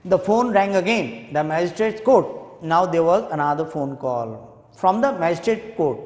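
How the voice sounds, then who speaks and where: A male teacher with an Indian English accent, reading a textbook chapter aloud and explaining it, slowly repeating key points to students. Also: fairly high pitch, lively intonation, a little mellow. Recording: echoey hall with long reverb.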